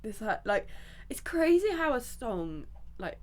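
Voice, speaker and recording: A woman's voice: fairly high pitch, big pitch swings, a little slow. A woman in her late twenties co-hosting a casual podcast chat, congested, rambling with lots of "like" and frequent laughter. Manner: rambling, full of "like", laughs often. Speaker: podcast co-host.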